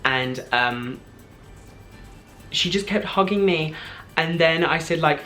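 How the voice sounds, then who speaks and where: A man in his twenties, telling a story to camera in an excited, gushing way, full of "like" and breathless restarts. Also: a little high, faint music behind. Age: 20s. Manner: gushing, fast, filler-heavy with frequent "like". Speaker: vlogger.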